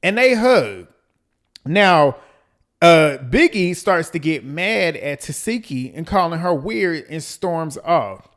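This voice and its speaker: A man hosting a reality TV recap, ranting in a blunt, profane, animated way and repeating lines for emphasis. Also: on the high side, slow pace. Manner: quotes people in mimicking voices. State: out of breath. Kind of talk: casual commentary recap.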